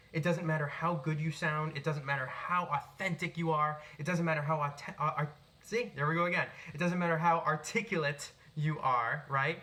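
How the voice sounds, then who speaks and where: A young man from Boston talks without a script in a bright, ringing, slightly higher voice. He projects strongly and keeps the delivery animated, with only faint traces of his hometown in a mostly neutral accent. It is recorded on a cell phone in his apartment. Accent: neutral American, Boston traces. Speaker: self-help speaker. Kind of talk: unscripted tips video. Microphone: cell phone, no microphone.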